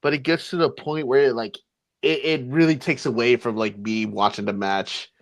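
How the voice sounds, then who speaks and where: A man's voice: mid-range voice, fairly even intonation, moderate pace, slight background noise. A man co-hosting a wrestling podcast in casual chat, laid-back and swearing freely. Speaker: podcast co-host.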